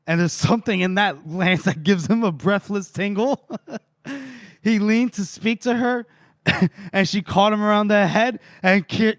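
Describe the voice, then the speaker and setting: High-voiced man retelling a story. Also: dry recording, studio quality. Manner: animated storyteller, quotes characters, laughs often. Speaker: podcast co-host recapping a book. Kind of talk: casual chat, retelling scenes.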